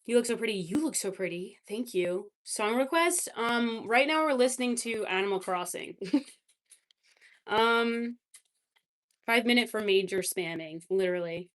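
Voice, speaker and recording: A woman's voice: fairly high pitch, lively intonation, unhurried. A woman livestreamer in casual chat, reacting to chat messages with lots of fillers.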